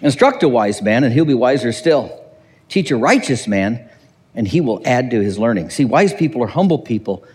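Man, pastor, sermon, lively swinging pitch, dry humor, long hall reverb. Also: normal speed. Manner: animated preaching, acts out quotes, dry humor.

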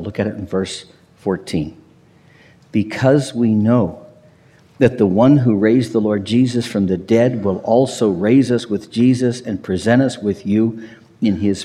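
A man preaching a sermon as pastor, emphatic, swinging from near-shouts down to low, quiet passages. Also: husky, in a large hall.

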